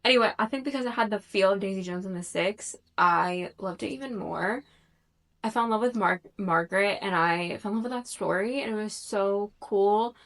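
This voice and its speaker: A woman's voice: mid-range voice, fairly bright tone. A thirty-year-old woman chatting casually in a reading vlog, talkative and self-conscious, with frequent fillers and restarts. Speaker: book vlogger.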